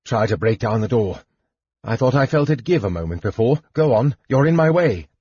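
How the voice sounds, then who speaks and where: A man's voice: mid-range voice, expressive, moderate pace, darkish tone, breathy edge, no room sound. A man playing Steel, a curt, impatient knight. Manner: curt, commanding. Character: impatient, determined young male knight. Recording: dull lo-fi recording.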